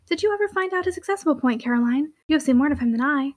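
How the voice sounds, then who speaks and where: A bold young heiress in a period storybook, teasing and quick to command, her high voice darting through lively exclamations, as a woman reads her. The talk runs fast and spirited. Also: no room sound. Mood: playful.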